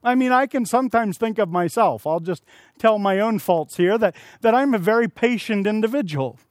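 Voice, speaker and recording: A man preaching an evening sermon, telling stories and acting out quotes in a lively, animated way. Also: high voice, normal speed, dry recording. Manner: storytelling with acted-out quotes and shouted asides.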